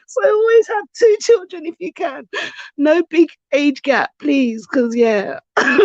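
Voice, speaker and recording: Girl giggling nonstop on her live stream, high voice, takes her time, muffled lo-fi sound. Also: takes it slowly, darkish tone, no echo. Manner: giggly, laughs constantly, teasing. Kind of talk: casual live chat. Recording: dull lo-fi stream audio.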